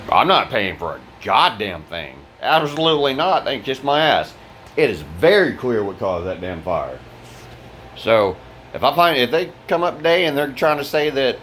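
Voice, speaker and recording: A man with a medium-pitched, slightly bright voice vlogs from inside his fire-damaged apartment, a little hiss or hum underneath. He's angry and rambling, swearing often and repeatedly restarting what he's saying.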